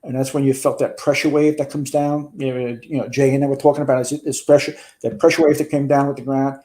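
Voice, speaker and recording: A man's voice: medium pitch, little pitch movement, quick pace, mellow. A man, a retired fire chief telling a long story in a casual interview, rambling with restarts and some swearing. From New York.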